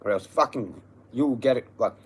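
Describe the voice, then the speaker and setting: An Australian man on a livestream, telling a story as an angry, profane rant that swings between low muttering and loud yelling. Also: normal speed, husky, low-quality recording. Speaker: livestream host.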